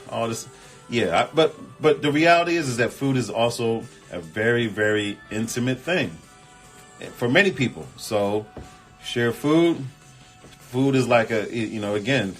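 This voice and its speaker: A man hosting a casual relationship advice chat, reading viewer comments and answering in an animated, emphatic, colloquial way. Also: mid-range voice, moderate pace, faint music behind. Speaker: host.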